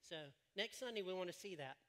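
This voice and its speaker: A man's voice: sits high, lively intonation, fast talker, bright, forceful tone. A man preaching a sermon from a church stage, telling stories in a joking, rambling way. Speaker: pastor.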